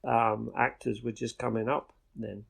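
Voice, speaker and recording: A man's voice: mid-range voice, little pitch movement, a little slow, creaky, breathy edge. A man who works as a film director, talking casually as a podcast guest and rambling through his thoughts with many restarts.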